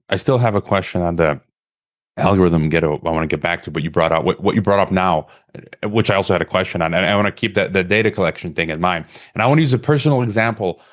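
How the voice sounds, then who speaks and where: A man hosting a podcast interview, telling a long personal story in an impassioned, rambling way, with many restarts before he asks his question. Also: deep voice. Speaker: podcast host.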